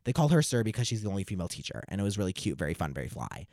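A man's voice: low voice, sing-song, a little mellow, no echo. Young guy doing a campy dramatic story bit, voice swings up and down, dead dry room. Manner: camp, dramatic, slow deliberate delivery. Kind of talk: comic monologue.

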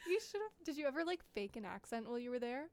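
A young woman, co-hosting a casual podcast, upbeat with quick reactions. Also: high voice, very animated, slight background noise. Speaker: podcast co-host. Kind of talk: casual chat.

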